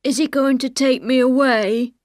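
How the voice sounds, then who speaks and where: A woman voicing a frightened, simple young man who speaks high and timidly in a dry audiobook read. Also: fairly even intonation, normal speed, dry recording, lightly acted.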